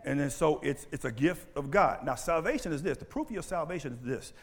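A male pastor preaching a sermon in church on a mic, animated and full of call-and-response questions. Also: fairly high pitch, a little fast, big-room sound. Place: church sanctuary. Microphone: handheld or stand mic.

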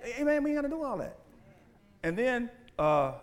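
A male pastor preaching a sermon in church on a mic, animated and full of call-and-response questions. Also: very high-pitched, normal speed, long reverb tail. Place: church sanctuary. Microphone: handheld or stand mic.

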